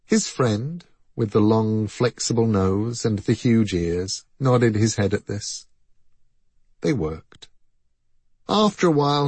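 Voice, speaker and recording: A man reading a story aloud in measured, expressive scripted narration. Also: mid-range voice, breathy edge, no room sound. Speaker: audiobook narrator.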